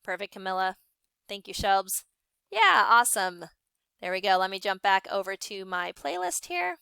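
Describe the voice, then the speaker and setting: Young woman teacher, bright crisp voice, upbeat and encouraging, dry close sound, online class. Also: mid-range voice, big pitch swings, no echo. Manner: upbeat, encouraging, brisk calling out of student names. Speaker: science teacher.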